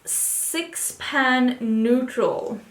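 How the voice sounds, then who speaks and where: A young adult woman vlogger chatting casually and thinking aloud, excitable and full of questions. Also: high voice, very slow. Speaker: beauty vlogger. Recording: roomy echo.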